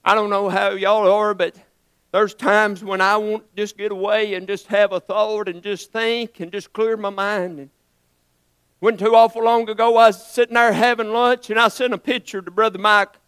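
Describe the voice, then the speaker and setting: High-voiced preacher, earnest sermon. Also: male voice, little pitch movement, normal speed, fairly bright tone, clean tone, dry recording. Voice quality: folksy, earnest preaching with swells of emphasis.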